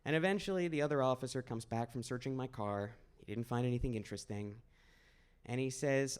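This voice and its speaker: A man's voice: medium pitch, brisk, clear, resonant tone. Wry young man telling a story onstage. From Maine, USA. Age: 20s. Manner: conversational, wry, self-deprecating. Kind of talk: live personal storytelling. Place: small stage at a storytelling event.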